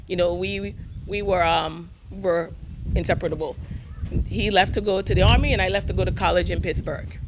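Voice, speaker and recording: A woman's voice: mid-range voice, background noise. A woman in her fifties giving a eulogy for her husband, telling fond stories while fighting back tears. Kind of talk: personal eulogy, storytelling.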